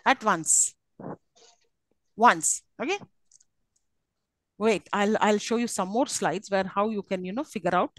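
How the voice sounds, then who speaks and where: A woman's voice: medium pitch, normal speed, pauses often, dry recording. A woman giving a university lecture, explaining step by step and often checking that listeners follow. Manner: explanatory, checks understanding with repeated "okay?" and "isn't it?".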